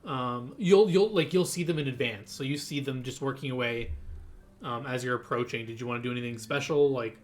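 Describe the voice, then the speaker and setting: A man's voice: mid-range voice, a little fast, soft background music. A man running a tabletop game as game master, narrating loosely with lots of fillers and restarts. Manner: rambling, full of fillers and restarts.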